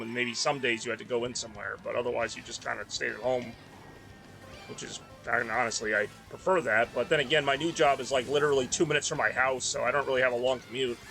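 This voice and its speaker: Chatty young man, bright voice. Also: mid-range voice. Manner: rambling, chatty, reads chat aloud. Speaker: game streamer. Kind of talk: casual rambling chat while gaming.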